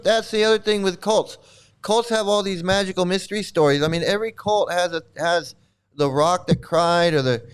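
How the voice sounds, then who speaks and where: A man's voice: sits high, clean tone. A man hosting a live commentary stream, mocking and sarcastic as he reacts to chat comments, rambling with frequent restarts. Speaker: channel host.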